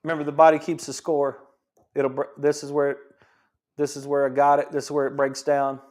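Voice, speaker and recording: A middle-aged man hosts a health talk program and explains in a teaching manner. His voice sits a bit higher than most men's. He presses his points home with frequent restarts and repetitions. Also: monotone, brisk, a little mellow. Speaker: chiropractor show host. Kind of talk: explanatory talk-show monologue.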